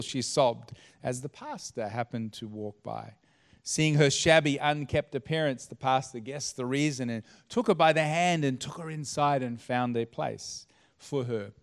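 Male pastor, mid-range voice, dramatic sermon storyteller. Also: medium pitch. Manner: dramatic storyteller, sets scenes with pauses.

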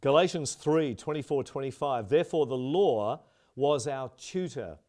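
A male pastor preaches to his congregation in an earnest, steady voice of middling pitch. He slows down on key phrases to give them weight. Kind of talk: sermon.

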